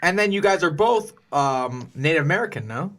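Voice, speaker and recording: A man's voice: fairly high pitch, lively intonation, normal speed, fairly bright tone. A man hosting a podcast, interviewing a guest in a playful, joking way. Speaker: podcast host.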